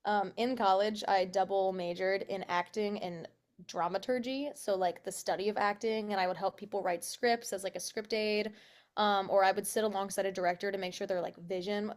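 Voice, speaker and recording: A woman's voice: mid-range voice, fairly even intonation, normal speed. A young adult woman, an actress being interviewed, chatting casually with lots of laughter, a loose "like" habit and the odd swear word. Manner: chatty, laughs often, swears, says "like" a lot. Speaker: actress guest.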